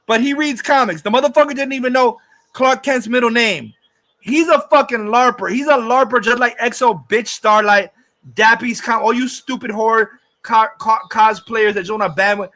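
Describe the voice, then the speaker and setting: Man, very high pitch, angry profane livestream rant, repetitive. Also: moderate pace, bright, forceful tone. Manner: furious, profane, repetitive ranting. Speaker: livestream host.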